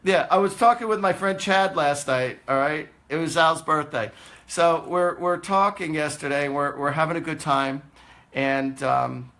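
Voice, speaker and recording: A man's voice: on the high side, a little slow, pushed and bright. A man, a psychic host chatting casually on a live stream, rambling and laughing often.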